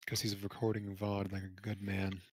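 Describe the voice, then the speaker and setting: Man, low voice, dry headset audio, gaming voice chat, chatty shotcaller. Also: monotone, moderate pace, husky, no echo. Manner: chatty, calls strategy, makes silly noises. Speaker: team shotcaller.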